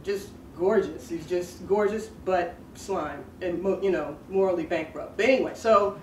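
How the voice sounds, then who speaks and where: In a low-leaning voice at normal speed, a woman recounts a personal story in a chatty, rambling way, often laughing at herself. A distant mic gives a roomy sound with faint background noise.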